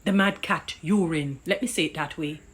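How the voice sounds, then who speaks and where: This commentator, a Jamaican woman with a low, husky voice, preaches at a moderate pace in an impassioned, indignant rant that leans on scripture to make her point.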